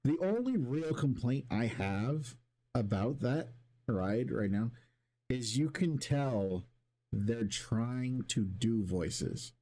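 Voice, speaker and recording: A man's voice: mid-range voice, animated, takes it slowly, mellow. A man streaming and talking casually to his chat, rambling with many restarts and casual swearing.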